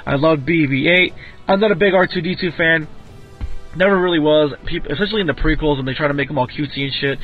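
A man's voice: on the high side, fast. A man giving a casual, rambling film review, full of fillers, restarts and swearing. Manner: rambling, filler-heavy, profane. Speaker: movie reviewer. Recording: tinny phone-like audio with faint music.

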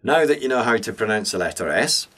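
A man teaching English pronunciation in a scripted lesson, speaking deliberately and enunciating each sound clearly. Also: on the low side, animated, a bit bright.

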